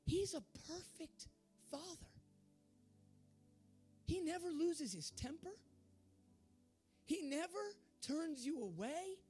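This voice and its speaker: Very high-voiced fervent male preacher. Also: big pitch swings, slow, long pauses, faint music behind. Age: adult. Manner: fervent, rising to shouts. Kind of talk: sermon.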